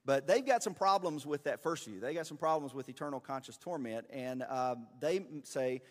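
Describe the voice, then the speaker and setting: A man's voice: medium pitch, expressive, moderate pace, hardly any pauses. Man teaching in an echoing hall. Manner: conversational, explanatory, with fillers and restarts. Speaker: pastor or teacher. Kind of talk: church teaching talk.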